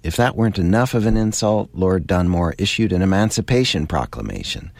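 A man hosting a radio history documentary, giving measured, scripted narration. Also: sits low, sing-song, vocal fry, a little mellow, no room sound, clean studio sound.

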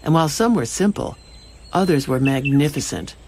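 A woman radio presenter reading a scripted short feature in a measured, storytelling way. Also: deep voice, lively intonation, a little mellow, slight background noise. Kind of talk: scripted narration.

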